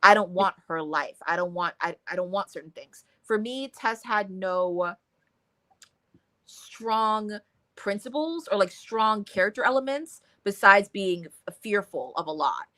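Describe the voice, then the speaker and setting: A woman co-hosting a casual book discussion, talking in an animated way, swearing freely and acting out scenes in quotes. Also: medium pitch, measured pace, dry recording. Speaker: book club co-host.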